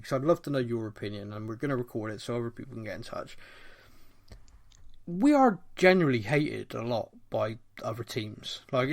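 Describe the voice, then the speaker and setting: A middle-aged man from Bristol with a mild Bristolian accent, co-hosting a podcast in a rambling, animated casual chat. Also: mid-range voice. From Bristol, England. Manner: animated, rambling, thinks aloud. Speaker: podcast co-host.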